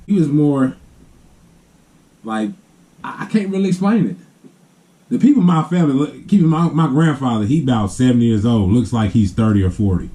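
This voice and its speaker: A man vlogger telling a family story to camera in a casual, animated way, laughing often and acting out the sounds. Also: medium pitch.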